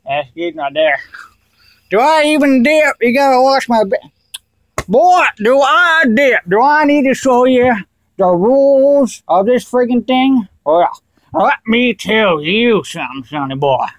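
A rowdy, crude hillbilly who dips tobacco, as a man puts him on, talking in a slow, high-pitched full of rambling fillers. The sound is close and dry. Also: lively intonation, dry recording. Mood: rowdy boasting. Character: loud crude male hillbilly tobacco dipper. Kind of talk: comedy character vlog.

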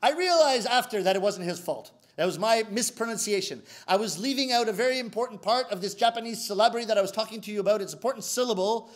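High-voiced comic storyteller. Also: male voice, fast talker, hardly any pauses. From Canada. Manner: animated, exasperated, emphatic. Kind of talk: comedic storytelling.

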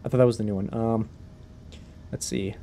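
A man's voice: on the low side, steady tone, normal speed, mellow, slight background noise. A man streaming a game live, chatting casually, laughing often and answering his chat as he plays.

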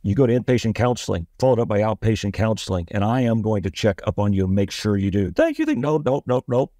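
A man's voice: lowish voice, very animated, fast, mellow, dry recording. A man telling a story as a guest on a podcast interview, acting out the voices of the people in it. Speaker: guest, author and coach.

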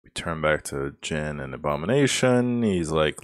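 A man's voice: extremely low pitch, lively intonation, a little slow, hardly any pauses, clear, resonant tone. A man, one of the channel's regular hosts, giving a rambling, exasperated casual review of a show episode and laughing often.

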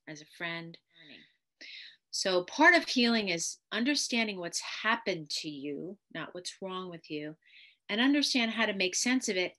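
A middle-aged woman therapist talks to parents and carers in an earnest, steady teaching voice. Her pitch sits in an ordinary middle range. She leans on key words and slows right down to let them land. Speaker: psychotherapist. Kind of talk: teaching talk on trauma-informed parenting.

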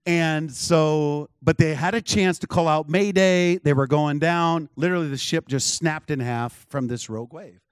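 Preaching in church, a pastor speaks at a normal pace with few pauses in a clean, higher-pitched voice, recorded cleanly in studio quality with no room sound. His sermon is a conversational story, full of asides and checks with the crowd.

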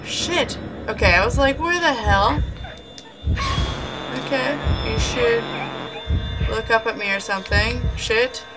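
A woman's voice: fairly high pitch, slow, pauses often, low-quality recording. A woman casually commentating a horror game, jumpy and swearing, shrieking at scares and talking to the ghosts on screen. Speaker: gaming channel host. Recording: music playing over the voice.

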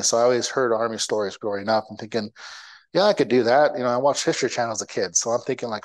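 A man's voice: medium pitch, poor audio. A man in his thirties giving a guest lecture, telling a personal story in a self-mocking way, acting out the people in it and laughing along. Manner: animated, acts out the people in his stories.

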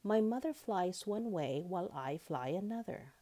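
A woman reading a children's picture book aloud as storyteller, with expressive sing-song narration. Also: on the low side, moderate pace.

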